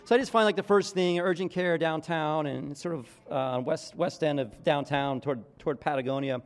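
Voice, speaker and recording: A middle-aged man preaching as a pastor, telling a story in a casual, animated way with quoted voices. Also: on the high side, a little fast, long reverb tail. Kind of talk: conversational sermon storytelling.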